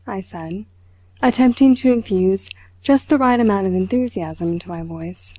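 Mellow-voiced woman reading a story. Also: medium pitch, moderate pace, dry recording, rough recording. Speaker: audiobook reader. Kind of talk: scripted narration.

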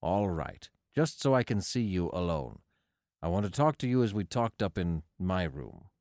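A man's voice: deep voice, very animated, moderate pace, a little mellow, dry recording, clean studio sound. A man voicing an awkward seventeen-year-old boy in an audiobook, blunt and earnest. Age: teens. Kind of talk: audiobook character voice.

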